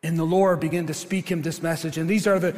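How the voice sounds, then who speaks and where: A man preaching a sermon as pastor, swinging between quiet, low passages and loud, rising ones. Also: fairly even intonation, quick pace. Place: church sanctuary. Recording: long reverb of a church hall.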